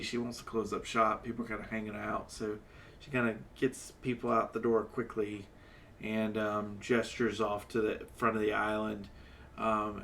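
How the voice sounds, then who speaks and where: A man's voice: on the low side, fairly bright tone, a little hiss or hum. A man narrating as dungeon master in a loose, rambling way, full of fillers and self-corrections. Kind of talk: improvised tabletop game narration.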